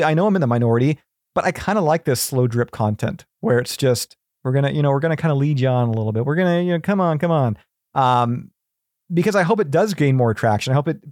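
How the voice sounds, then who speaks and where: A man's voice: medium pitch, a little mellow, dry recording, clean studio sound. A man chatting casually as a podcast guest, rambling with many fillers and restarts. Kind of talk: casual chat.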